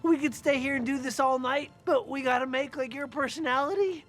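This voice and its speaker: An actor playing a goofy, jittery slacker in a live-action film, with a high wavering voice that leans on "like". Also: male voice, a little fast, a bit bright, faint music behind. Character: lanky goofy slacker young man, jittery. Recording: movie audio with score.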